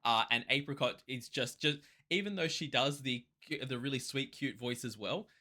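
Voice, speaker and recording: A man from Australia hosting a music reaction channel, talking in an excitable, rambling way with quick restarts. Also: mid-range voice. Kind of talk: casual reaction commentary.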